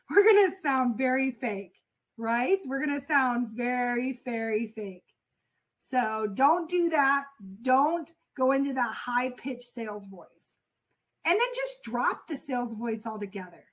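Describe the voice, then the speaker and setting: A woman's voice: sits high, fairly bright tone. A woman freight broker giving a direct, emphatic sales lesson, repeating her points for weight.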